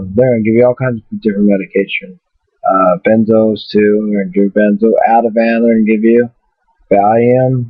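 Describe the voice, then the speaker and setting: A man's voice: fairly low pitch, breathy edge, dry recording. A man telling a personal story to his webcam in a rambling, blunt way, swearing freely. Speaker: vlogger. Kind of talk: casual storytelling to camera. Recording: tinny phone-like webcam audio.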